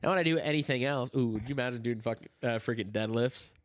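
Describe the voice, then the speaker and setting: A man's voice: medium pitch, no echo. A young man hosting a casual comedy podcast, joking and swearing, still getting over being sick. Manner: joking, swearing, quick banter. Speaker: podcast host.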